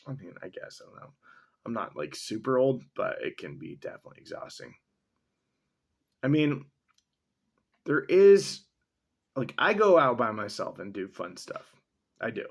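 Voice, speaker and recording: A man's voice: medium pitch, sing-song, unhurried, long pauses. Rambling, profane man musing aloud. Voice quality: mustache-wearing man chuckling between remarks. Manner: profane, sarcastic, thinks aloud with many fillers. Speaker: vlogger reading and reacting to a text. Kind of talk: casual rambling commentary.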